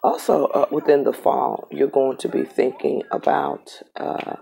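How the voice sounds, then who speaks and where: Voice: mid-range voice, unhurried, gravelly, dark tone, slight background noise. A tarot reader giving a casual reading straight to the camera, emphatic and repetitive.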